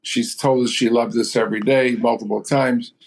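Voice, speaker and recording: A man's voice: mid-range voice, steady tone, moderate pace, slight background noise. A man in his seventies, a business guest in a podcast interview, speaking bluntly and matter-of-factly. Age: 70s. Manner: blunt, matter-of-fact storytelling. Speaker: guest entrepreneur.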